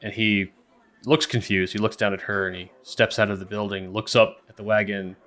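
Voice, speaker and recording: A man's voice: lowish voice, fairly even intonation, brisk, fairly bright tone. A man narrating a tabletop game as game master, rambling with many fillers.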